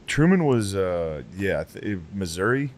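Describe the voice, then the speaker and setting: A man's voice: low voice, big pitch swings, measured pace. A man co-hosting a comedy podcast, chiming in with short, profane remarks. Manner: short agreeing interjections, profane. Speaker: podcast co-host. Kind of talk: casual comedy podcast chat.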